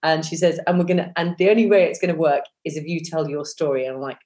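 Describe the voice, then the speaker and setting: A woman in her fifties talks as a guest in a relaxed interview, her voice sitting a little low. She rambles warmly through fillers and restarts and laughs at herself. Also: quick pace. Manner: chatty, self-deprecating, many fillers and restarts. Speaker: podcast guest, former breakfast TV presenter. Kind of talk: casual interview chat.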